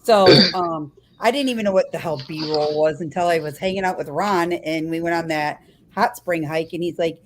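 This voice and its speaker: Low-voiced chatty woman. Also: moderate pace, slight background noise. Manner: chatty storyteller, laughs easily. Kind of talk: casual live-stream chat.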